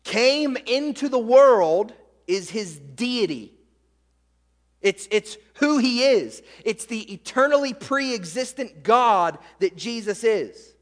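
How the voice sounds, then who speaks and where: Fired-up high-voiced male preacher. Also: big pitch swings, slow. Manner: fired-up, emphatic preaching with repeated phrases. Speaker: pastor. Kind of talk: sermon. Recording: long hall reverb.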